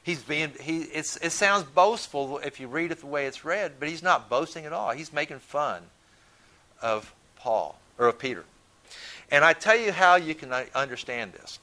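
A man's voice: on the high side, lively intonation, normal speed, pushed and bright. A man teaching a Bible study in a conversational way, often repeating words as he thinks and asking his listeners questions.

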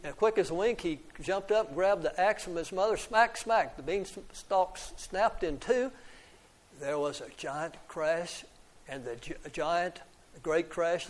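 Higher-voiced man reading to kids. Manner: lively with asides to the kids, small stumbles. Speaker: storyteller. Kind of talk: reading a storybook aloud to children.

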